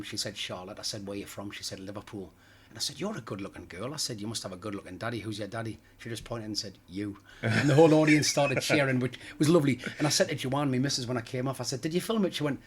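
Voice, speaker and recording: Man, middle-aged, quick chatty delivery, faint room hiss. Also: mid-range voice, fairly bright tone. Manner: chatty and jokey, laughs at his own stories. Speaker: pantomime comic. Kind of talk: casual interview chat.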